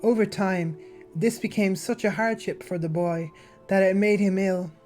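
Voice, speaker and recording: A woman chats on her stream in a slightly nasal voice, roughened a little by a sore throat. She rambles and restarts, moving between small talk and reading aloud. Faint music plays under her basic mic. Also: medium pitch, steady tone, normal speed, mellow. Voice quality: somewhat nasal. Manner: chatty and rambling, with lots of fillers and restarts. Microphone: basic mic, no headset.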